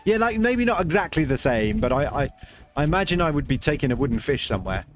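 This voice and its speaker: A man's voice: fairly high pitch, big pitch swings, fast talker, soft background music. Chatty man streaming a game. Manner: chatty, reads chat aloud, rambling with restarts. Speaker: livestream host. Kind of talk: casual game livestream chat.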